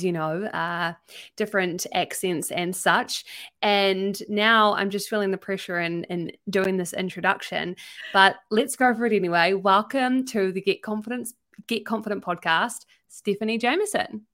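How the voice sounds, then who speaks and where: A woman's voice: medium pitch, fairly bright tone. Upbeat New Zealand woman hosting a podcast. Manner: enthusiastic, effusive. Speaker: podcast host. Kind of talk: casual podcast interview.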